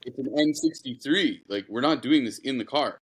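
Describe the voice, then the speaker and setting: A man's voice: medium pitch, normal speed, husky. A man, a guest mechanic, telling casual stories with a lot of swearing and acting out the people in them. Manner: profane, animated, acts out the people in his stories. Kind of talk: casual storytelling.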